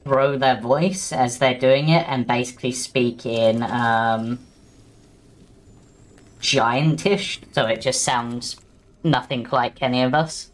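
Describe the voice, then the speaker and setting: A woman's voice: rumbling low, slow. A woman player in a tabletop game, thinking aloud with hesitant fillers. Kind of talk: casual tabletop play.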